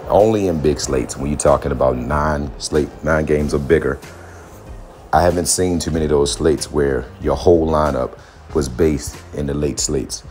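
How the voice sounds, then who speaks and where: A man with an extremely low, hoarse and gruff voice talks through a fantasy basketball slate in a chatty, casual way, often calling out to his viewers. Faint music sits underneath him. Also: a little mellow. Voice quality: deep, gruff voice. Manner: chatty, keeps addressing viewers as guys. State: hoarse, lost voice. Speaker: fantasy sports host.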